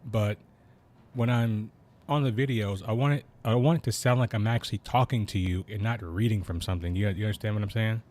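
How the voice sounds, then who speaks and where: A man streaming a game, talking slowly and casually in a kept-down voice, with a lot of slang. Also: on the low side, steady tone, darkish tone. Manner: slow, laid-back talker; keeps voice down. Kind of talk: casual live-stream chat.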